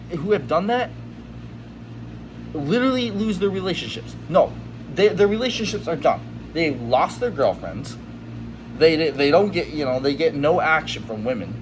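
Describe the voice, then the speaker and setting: A man's voice: fairly high pitch, lively intonation, normal speed, noisy background. A man in a casual monologue to camera, blunt and emphatic, with lots of "you know". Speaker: vlogger.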